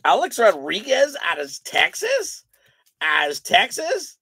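A man hosting a live trading card break, calling out player names and giving energetic, slangy shout-outs to buyers. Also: sits high, slow pace, no room sound.

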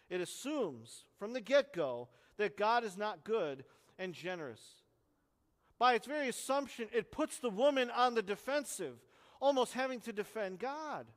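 A pastor giving an expository sermon, explaining a text earnestly and leaning hard on key words. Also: male voice, sits high, long reverb tail. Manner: earnest, explanatory teaching with strong emphasis.

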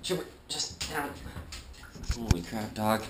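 A man's voice: fairly low pitch, expressive, unhurried, long pauses, recorded from a distance. A man vlogging casually while he bathes his dog, coaxing and scolding it and joking in between. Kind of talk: casual vlog chatter. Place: bathroom, at the tub. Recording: echoey bathroom, off-mic, loud music behind.

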